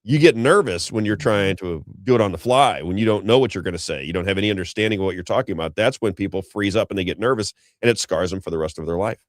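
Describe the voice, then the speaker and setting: A man's voice: sits low, fast talker, hardly any pauses, no room sound, clean studio sound. A middle-aged man hosting an unscripted political commentary show, talking in a rambling, emphatic way that repeats points and keeps turning to his co-host. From Missouri, USA.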